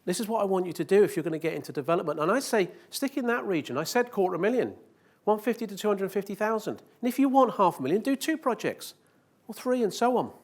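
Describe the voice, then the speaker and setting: A man's voice: sits high, lively intonation, fast talker. A man giving a live conference presentation, joking with the audience and asking rhetorical questions. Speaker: conference speaker. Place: conference hall.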